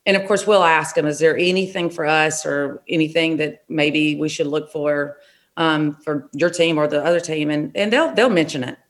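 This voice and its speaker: A middle-aged woman, a football official, telling stories in a relaxed, frank way in an interview. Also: sits low, moderate pace. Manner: relaxed, frank anecdotal telling with short restarts. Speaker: NFL official, interview guest. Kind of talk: conversational interview storytelling.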